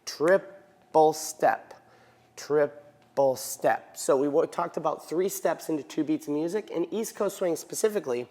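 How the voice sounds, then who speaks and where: Counting the beats out loud and asking "right?" again and again, this male dance instructor talks a little fast with few pauses. His voice is fairly high and a little mellow, and the room gives it an echoey hall reverb.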